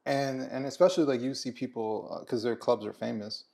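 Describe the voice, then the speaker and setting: A man hosting a casual conversation over a meal, speaking haltingly and restarting his sentences often. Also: mid-range voice, steady tone, vocal fry, a little mellow. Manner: halting, with many restarts and fillers. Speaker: host.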